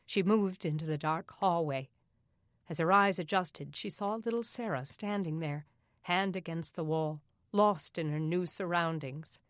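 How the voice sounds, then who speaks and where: A woman narrating an audiobook in an even, steady reading voice. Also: lowish voice, measured pace, no echo, clean studio sound. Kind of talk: scripted narration.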